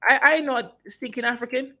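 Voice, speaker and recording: A man's voice: very high-pitched, steady tone, fairly quick, pushed and bright, voice pushed up, heavily acted. A man putting on a London street slang accent to play a pushy young street tough who demands acceptance. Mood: pleading.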